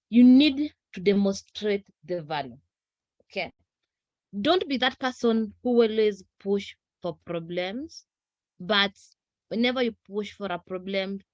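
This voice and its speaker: Slow-talking woman with a dry sound. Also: medium pitch, no room sound. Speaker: audience participant. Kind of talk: casual recap.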